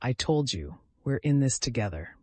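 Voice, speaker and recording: A man voicing a tired, protective male surgeon who speaks hoarsely and reassures gently. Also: a little high, very animated, normal speed, no echo. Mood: tender.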